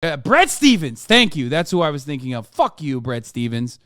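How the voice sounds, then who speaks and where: High-voiced man ranting profanely. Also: sing-song, normal speed, a bit bright, no room sound, clean studio sound. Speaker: livestreamer reacting to news. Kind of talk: heated reaction commentary.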